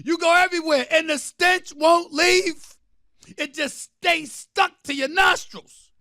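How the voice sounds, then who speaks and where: A man hosting a sports debate show, delivering a theatrical, emphatic rant, often shouting and repeating phrases for effect. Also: very high voice, fairly even intonation, dry recording, studio quality. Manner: drawn-out repetition for effect. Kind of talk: impassioned sports talk rant.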